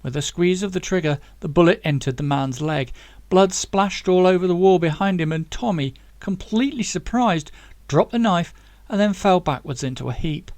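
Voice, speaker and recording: A man reading his own novel aloud in steady, dramatic audiobook narration. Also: high voice, normal speed, no echo.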